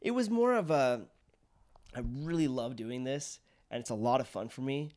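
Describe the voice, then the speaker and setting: A man's voice: medium pitch, expressive, normal speed, darkish tone. Upbeat young man hosting a podcast. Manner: upbeat and agreeable, lots of "yeah". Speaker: podcast host and actor. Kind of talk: casual interview chat.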